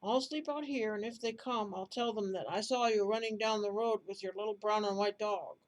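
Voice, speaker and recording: A woman voicing a kind runaway boy who talks in a slow, reassuring way. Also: medium pitch, lightly acted, low-quality recording.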